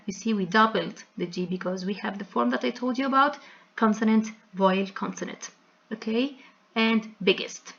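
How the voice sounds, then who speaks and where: A woman teaching an English grammar lesson in a slow, explanatory way, spelling out word endings letter by letter. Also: on the high side, vocal fry, a bit bright, highs cut off.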